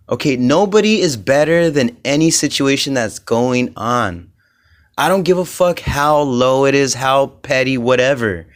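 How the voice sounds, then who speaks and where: Young dude podcasting solo, rambly and sweary, lots of "you know" and "like", gets worked up. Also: male voice, medium pitch, measured pace. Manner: rambling, profane, many fillers; grows heated and loud. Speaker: podcast host.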